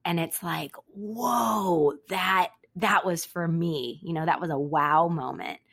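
A woman's voice: deep voice, gravelly, a bit bright. Reflective woman hosting a conversation. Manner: reflective, halting, then teasing. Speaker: host. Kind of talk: conversational interviewing.

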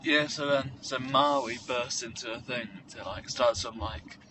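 A man's voice: medium pitch, steady tone, a little slow, bright, forceful tone, far from the mic, slight background noise, low-quality recording. A man joining a comic story in casual chat, hesitant with many fillers. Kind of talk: comedic chat.

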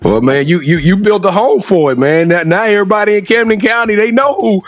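Hype interview host, male, high voice, slangy and repetitive, faint music bed. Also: brisk. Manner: energetic, slangy, repeats words while thinking.

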